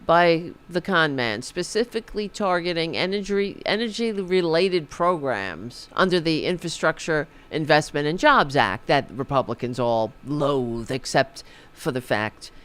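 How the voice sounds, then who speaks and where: A man's voice: fairly high pitch, animated, a little slow, fairly bright tone, clean tone. A man hosting a podcast, delivering a rambling, sarcastic political commentary monologue. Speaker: podcast host.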